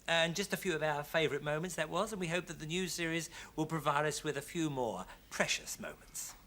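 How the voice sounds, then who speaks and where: A man hosting a game show, signing off with brisk, teasing patter. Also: on the high side, sharp tone, a little hiss or hum. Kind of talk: show sign-off.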